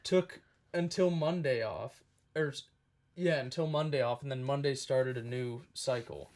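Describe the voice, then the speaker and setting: A man co-hosting a podcast, chatting casually and dropping deadpan wisecracks. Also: mid-range voice, measured pace. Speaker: podcast co-host. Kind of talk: casual chat.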